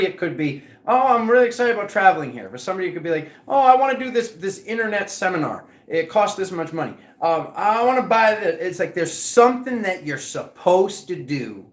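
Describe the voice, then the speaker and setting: A man talks his viewers through a tarot spread in a loose, chatty way, keeping them with him with a quick "okay?" after each point. His voice sits at an ordinary middle pitch and rings in a roomy, echoing space. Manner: chatty and animated, addresses viewers directly with repeated "okay?". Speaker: tarot reader. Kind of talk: casual tarot reading to camera.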